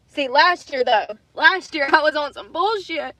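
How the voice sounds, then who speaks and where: Bright-voiced woman ranting in anger. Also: high voice, unhurried, no echo. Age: adult with children. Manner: angry, swearing, repeating herself. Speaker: livestreamer. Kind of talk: emotional livestream rant. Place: in her car.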